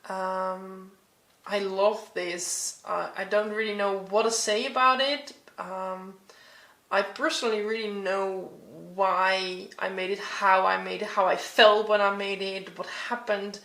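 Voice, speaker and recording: A woman giving a reflective commentary as she flips through her art journal, soft-spoken and hesitant, with many ums and restarts. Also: mid-range voice, fairly even intonation, takes it slowly, roomy sound.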